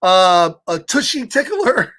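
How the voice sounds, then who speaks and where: A man's voice: high voice, big pitch swings, slow pace, a bit bright. A man reading a picture book aloud to children, playful and chatty, chuckling often and greeting listeners by name. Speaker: children's storytime reader.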